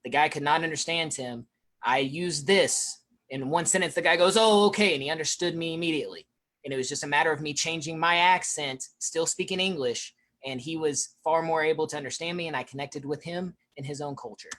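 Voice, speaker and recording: A speaker gives a presentation on accents in a mid-pitched voice, hurrying through the points. The delivery is casual and full of "um"s and restarts. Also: a bit bright. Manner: rushed, with frequent fillers. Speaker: featured speaker.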